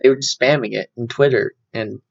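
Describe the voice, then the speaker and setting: A man's voice: mid-range voice, fairly even intonation, a little fast, gravelly, no echo. A young man co-hosting a podcast in casual chat, mostly chiming in with short agreements and wry remarks. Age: young adult. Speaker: podcast co-host. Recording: dry dull lo-fi podcast audio.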